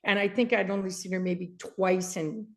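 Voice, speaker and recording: A woman's voice: medium pitch, moderate pace. A woman in her sixties from Canada, a guest author recounting a story with frequent laughter and acted-out dialogue. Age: 60s. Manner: lively, laughs often, acts out quoted dialogue. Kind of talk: animated storytelling in an interview.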